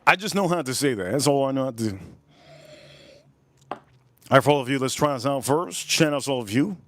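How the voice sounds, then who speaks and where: A man hosting a casual live stream, reading out chat messages and giving shout-outs, repeating his phrases and swinging between loud bursts and low mutters. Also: fairly quick. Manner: animated, reads out chat and gives shout-outs.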